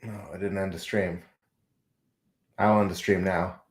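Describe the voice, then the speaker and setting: A man's voice: deep voice, little pitch movement, a little slow. Rambling man on a late-night livestream. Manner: rambling, musing, self-mocking asides. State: slightly stuffy with a runny nose. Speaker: off-grid homesteader streaming live. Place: off-grid farm home at night. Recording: roomy echo.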